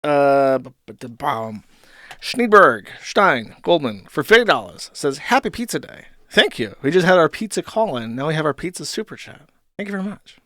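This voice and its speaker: A man's voice: a little high, big pitch swings, normal speed, pushed and bright, dry recording, clean studio sound. A man hosting a live stream, chatting in a profane, rambling, jokey way. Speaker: stream host. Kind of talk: casual live-stream commentary.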